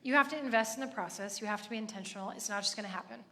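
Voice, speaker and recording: A woman's voice: fairly high pitch, very fast, sharp tone. A woman in her thirties giving a chatty, earnest sermon with lots of asides. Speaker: church speaker. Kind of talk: conversational sermon. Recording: echoey hall.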